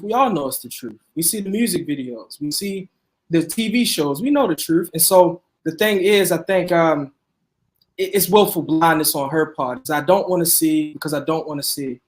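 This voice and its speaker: A man giving commentary in a casual discussion, measured, repeating his points for emphasis. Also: a little high.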